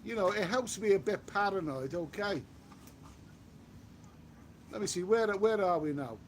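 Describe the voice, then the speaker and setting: Chatty man, high voice. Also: animated, unhurried, slight background noise. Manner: chatty, repeats himself, reads comments aloud. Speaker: travel vlogger reading live chat. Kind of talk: casual live-stream chat. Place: outdoors on a walk.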